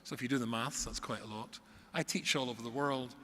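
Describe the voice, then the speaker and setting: In a brisk, mid-range voice, a middle-aged rabbi from Scotland delivers storytelling to a live audience, exaggerating comically with animated energy. The talk takes place in a large hall, and the sound is echoey with faint ambience.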